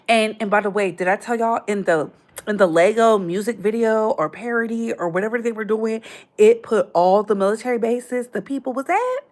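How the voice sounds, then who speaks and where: A woman in her thirties hosting a casual livestream, chatty and animated, full of slang and calling viewers "baby". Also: a little high, moderate pace. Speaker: livestream host.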